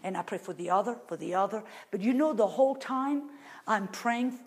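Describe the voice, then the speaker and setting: A woman preacher delivering a sermon, asking the audience rhetorical questions and swinging between loud and very soft. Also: medium pitch, expressive, normal speed.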